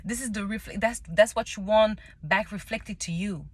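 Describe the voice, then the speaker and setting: Woman, tarot reader, candid, emotional, restarts, mid pitch, dry sound. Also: normal speed, slightly rough, no room sound. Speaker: tarot reader sharing a personal story. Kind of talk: casual spoken monologue.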